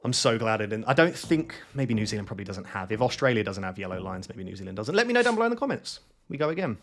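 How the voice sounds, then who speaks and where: A man giving live gameplay commentary, thinking aloud in an excitable, self-questioning way. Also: lowish voice, fast. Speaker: gaming YouTuber.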